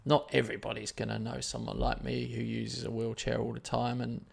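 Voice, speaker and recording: A man's voice: medium pitch, little pitch movement, fairly quick, vocal fry, breathy edge. A man telling a story in casual chat on his live stream, rambling and self-deprecating.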